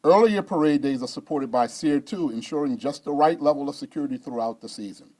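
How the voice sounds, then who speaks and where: A man speaking as mayor at a press conference, reading a measured, formal safety briefing. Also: a little high, darkish tone. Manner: measured, formal, reads lists of rules.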